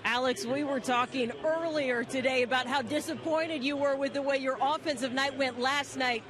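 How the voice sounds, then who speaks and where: A woman's voice: high-pitched, fairly even intonation, normal speed, a crowd in the background. A woman reporter doing a cheerful postgame interview with a player. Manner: cheerful, chatty. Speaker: sideline reporter.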